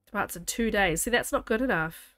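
A woman streaming a game, chatting and thinking aloud excitedly, a little under the weather. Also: medium pitch, a little fast, faint music behind. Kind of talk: casual game commentary.

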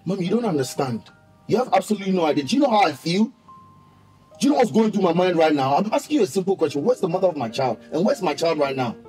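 A high-pitched young man plays a betrayed father. He accuses and demands in relentless repeated questions. Soft music runs underneath. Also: very animated, quick pace. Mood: furious. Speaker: son confronting his mother. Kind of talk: TV drama acting.

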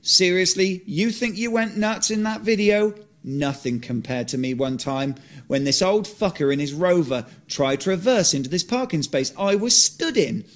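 A man's voice: sits high, moderate pace. A man voicing a lazy, hot-tempered young British man who swears and rants as he tells a story. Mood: ranting. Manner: ranting, swearing, animated storytelling.

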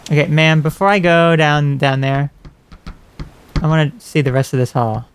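A man's voice: on the high side, steady tone, normal speed, a little hiss or hum. A man casually commenting as he plays a horror game, talking wryly to its characters. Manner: wry, chatty remarks to game characters. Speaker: let's play host.

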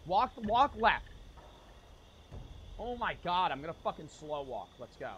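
A man's voice: high-pitched, big pitch swings, unhurried, a bit bright, highs cut off, slight background noise. A man streaming a game live, cursing in frustration and talking to his chat. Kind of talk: live gameplay commentary.

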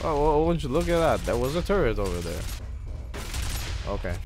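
Excitable gamer man, wildly swinging pitch. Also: moderate pace, noisy background. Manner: excitable, swears, jokey outbursts and mouth sound effects. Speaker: gaming host. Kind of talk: let's play commentary.

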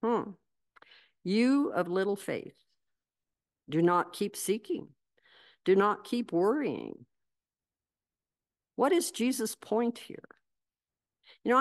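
Slow, measured woman preaching a sermon. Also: on the low side. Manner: measured, reflective storytelling. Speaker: pastor.

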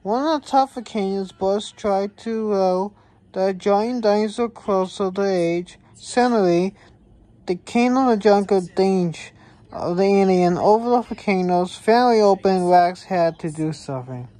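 A woman reading a children's picture book aloud, in a slow, halting way with small stumbles. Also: mid-range voice, warm tone. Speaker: reader.

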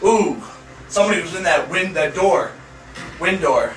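Excitable young man, echoey room. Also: on the high side, moderate pace, over music. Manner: excitable, loud outbursts, trash-talking. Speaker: gaming YouTuber. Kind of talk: gameplay reaction commentary. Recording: echoey room, distant mic, noisy.

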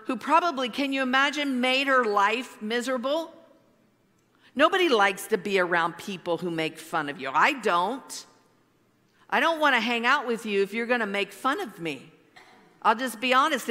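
A woman pastor preaching a sermon slowly and emphatically, with dramatic pauses. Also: mid-range voice, bright, forceful tone. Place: large church hall. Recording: long hall reverb.

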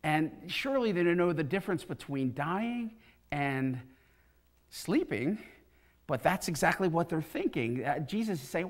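A pastor preaches in a church, his voice sitting a little higher than most men's. He tells the scripture story with feeling and acts out the voices of the people in it. He speaks into a pulpit microphone. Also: moderate pace. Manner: animated storytelling, acting out quoted voices. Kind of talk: sermon. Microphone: pulpit mic.

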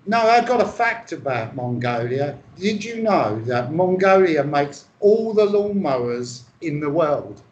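A man from England with a noticeably high voice, co-hosting an improvised comedy chat. He rambles through absurd claims in a mock-earnest way and swears freely. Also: very animated, measured pace, few pauses, muffled recording. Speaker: comedy co-host.

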